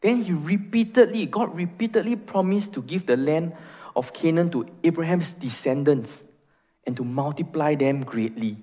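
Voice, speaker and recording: In a church sanctuary, a man preaching as pastor speaks with a slightly high, warm, animated voice at a moderate pace, a breathy edge to it. Emphatic, he reads scripture and leads prayer, captured in muffled sound bouncing around the hall.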